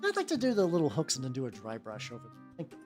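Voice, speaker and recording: With a bass voice that swings hugely in pitch, she races along, sounding a little mellow. The young American VTuber rambles casually on her miniature-painting livestream, with many restarts, fillers and casual curses, and faint music behind her.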